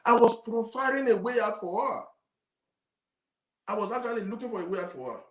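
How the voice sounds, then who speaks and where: A man's voice: high voice, a little fast, fairly bright tone. A man with a Nigerian accent hosting his own talk show, ranting emphatically to viewers and repeating his points. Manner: emphatic, indignant, repeats himself, mixes in Yoruba. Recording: roomy echo.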